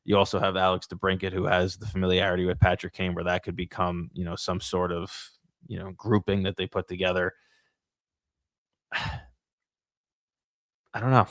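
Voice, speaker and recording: A man with a very low voice chats casually about sports on a podcast. He thinks aloud, weighs his ideas and often restarts his sentences. The sound is dry and close, with no room echo. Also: level tone, normal speed, long pauses, a bit bright. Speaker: podcast co-host.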